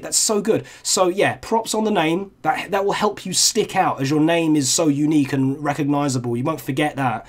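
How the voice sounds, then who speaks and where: A man's voice: fairly high pitch, fairly quick. A young man giving casual, candid reaction commentary on fan videos and swearing freely. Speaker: video reviewer.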